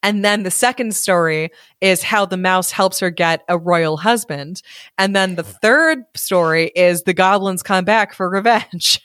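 A woman co-hosting a podcast, reading a fairy tale aloud and chatting about it in a lively, laughing way. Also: lowish voice, measured pace, no echo, studio quality. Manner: animated, laughs often, voices quotes. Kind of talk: casual chat and storybook reading.

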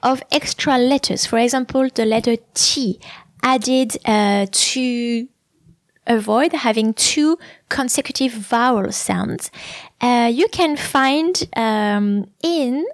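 A woman hosts a language podcast lesson in a slightly high voice. She explains thoughtfully, pausing on fillers and restarting sentences. The recording is close and dry. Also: no room sound. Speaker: French language podcast host.

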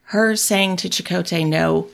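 A woman with a heavily fried, gravelly voice and a rather high pitch chats on a podcast. Her pitch swings freely, and she gives blunt, teasing opinions in a casual tone. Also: lively intonation, moderate pace. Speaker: podcast co-host. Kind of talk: casual chat about a TV episode.

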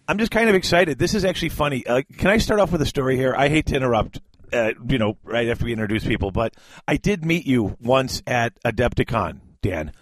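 A man hosting a podcast, excitable and rambling, telling stories and laughing often. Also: medium pitch, a little fast, no room sound. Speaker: podcast host. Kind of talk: casual podcast chat.

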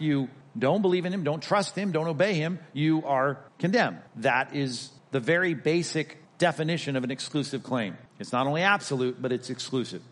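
A man's voice: mid-range voice, in a large hall. A man teaching a Bible lesson, emphatic and methodical, repeating key points as he reasons step by step. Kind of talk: recorded teaching lecture.

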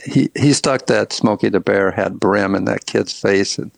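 An older man from Tennessee, an author guest, telling stories in a halting, casual way with many fillers and restarts. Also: fairly low pitch, fairly even intonation, gravelly, husky, no room sound. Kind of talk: casual interview storytelling.

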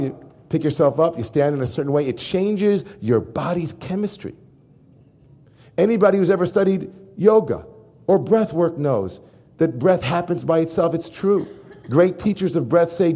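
A man who is a rabbi, delivering an animated sermon and speaking directly to his congregation. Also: fairly high pitch. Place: synagogue before a congregation.

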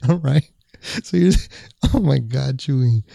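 Dark-voiced, laughing podcast host man. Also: medium pitch, measured pace, creaky, no room sound, studio quality. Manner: laughing, easygoing, restarts often. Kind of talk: casual podcast interviewing.

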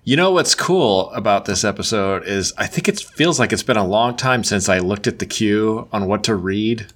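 A man with a low voice co-hosts a casual podcast. He chats in a relaxed, agreeable way and drops wry quips. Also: moderate pace. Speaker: podcast co-host. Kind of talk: casual chat.

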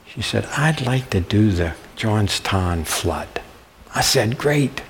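Deep-voiced older man lecturing folksily. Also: expressive, slow, slight background noise. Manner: folksy storyteller, checks in with "okay?". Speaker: history lecturer. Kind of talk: public lecture with slides. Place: warm lecture room.

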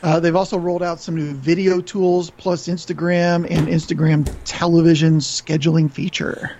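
A man's voice: fairly high pitch, level tone, normal speed, gravelly, warm tone, lo-fi sound, slight background noise. A man co-hosting a podcast in casual chat, easygoing and agreeable, running through news items. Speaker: podcast co-host.

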